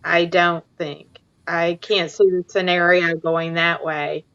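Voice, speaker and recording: A woman in casual video chat, talking haltingly as a sympathetic listener. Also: lowish voice, flat delivery, a bit bright, clean tone. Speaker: chat participant. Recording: dull lo-fi online call audio.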